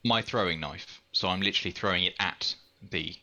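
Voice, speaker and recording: A man with a lowish but bright, forward voice, laying out a rule for his turn. He speaks politely and carefully. The sound is clean and close. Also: fairly quick. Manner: polite, explains rules carefully. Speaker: player. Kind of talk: tabletop game play, casual chat.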